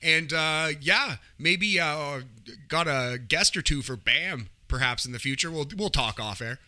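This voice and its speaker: A man's voice: a little high, expressive, unhurried, sharp tone, no room sound. A man from Canada co-hosting a podcast in casual chat, upbeat and rambling, with frequent restarts. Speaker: podcast co-host.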